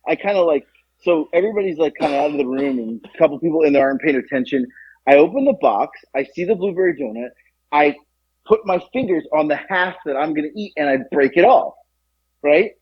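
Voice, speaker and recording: A man co-hosting a podcast, telling a story in casual chat, animated and profane, acting out the voices of other people. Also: fairly high pitch, breathy edge, no echo, muffled recording. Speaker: podcast co-host.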